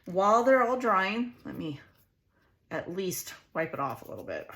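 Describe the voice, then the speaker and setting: A chatty woman in her forties walks viewers through a craft project, a little hoarse. Her voice is bright and forward despite the roughness. She talks straight to the camera, easy and friendly. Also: mid-range voice, sing-song, moderate pace. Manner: chatty, laughs often, talks to viewers as "you guys". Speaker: crafting channel host. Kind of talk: casual craft tutorial.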